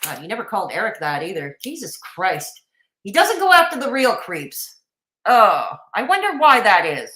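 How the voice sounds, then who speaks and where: A woman's voice: mid-range voice, wildly swooping pitch, moderate pace, pushed and bright, reverberant, low-quality recording. A woman hosting a reaction stream, talking back to a clip with sarcastic, profane asides and chatting with viewers. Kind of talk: casual reaction commentary.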